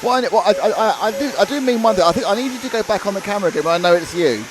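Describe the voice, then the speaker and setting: A man with a high, very lively voice rambles through jokey live race commentary. Loud venue noise runs under everything, as at a busy race track. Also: racing. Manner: jokey, rambling, animated banter.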